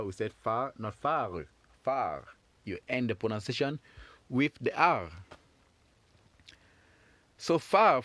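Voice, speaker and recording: Man, French phonics teacher, encouraging, slow repetition, mid pitch, dry recording. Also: a bit bright, no echo. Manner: encouraging, repeats words slowly for learners. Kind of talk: kids' phonics lesson.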